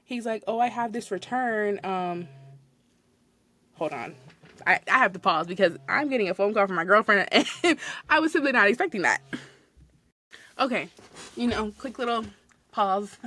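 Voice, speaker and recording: A woman's voice: mid-range voice, moderate pace, pauses often. A young woman hosting a podcast, telling a work story in a casual, exasperated way with frequent laughs. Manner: animated, exasperated retelling with laughs. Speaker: podcast host.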